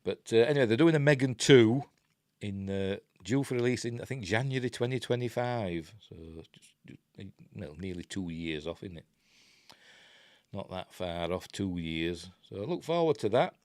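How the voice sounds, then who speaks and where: A man's voice: on the low side, expressive, normal speed, no echo. An older man with a Yorkshire accent, casually talking through a film review with rambling, self-interrupting chat and wry asides. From Yorkshire, England.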